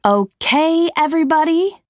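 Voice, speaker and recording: A woman's voice: sits high, animated, a little slow, dry recording, clean studio sound, pitched above the performer's own voice. A woman voicing an adult male film director, calling out instructions in a lifted, emphatic voice. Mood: directing.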